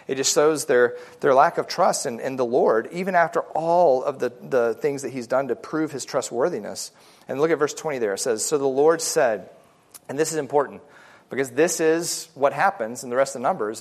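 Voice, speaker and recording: A man teaching a relaxed Bible study class, talking things through in a loose, chatty way and pausing on fillers as he goes. His voice sits at an everyday middle pitch for a man, and he moves between explaining and reading scripture aloud.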